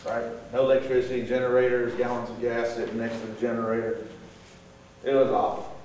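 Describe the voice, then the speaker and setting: A middle-aged man, giving an animated storytelling talk to an audience at a gang awareness session. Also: medium pitch, fairly quick. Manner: animated, acts out voices in his stories. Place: large echoey room with an audience. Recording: very echoey room, voice from far off, faint hiss.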